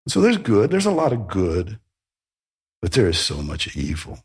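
A man's voice: lowish voice, wildly swooping pitch, normal speed. A man preaching a sermon, emphatic, with rhetorical questions and sudden rises in emphasis. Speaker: pastor.

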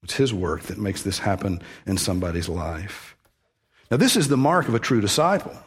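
A man's voice: lowish voice, animated, moderate pace, breathy edge. A man preaching a sermon in a conversational teaching manner, stressing key words and often restarting phrases. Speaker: pastor.

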